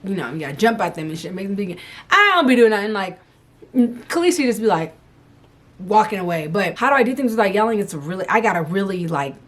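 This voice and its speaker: At home, a young adult woman answers viewer questions about motherhood in a loose, casual chat. Her medium-pitched voice is sing-song and brisk, and she speaks frankly and candidly.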